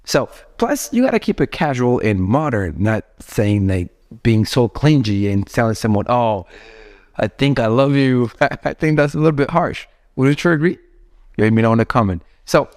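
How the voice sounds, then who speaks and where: A young man with an Ethiopian accent, not a native English speaker, teaches a casual, chatty English lesson and frequently asks his viewers questions. His voice is mid-range with a darkish tone.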